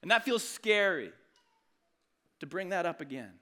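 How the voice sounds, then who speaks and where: A man's voice: high-pitched, sing-song, moderate pace, sharp tone. A man preaching a sermon as a pastor, conversational and earnest, with frequent restarts.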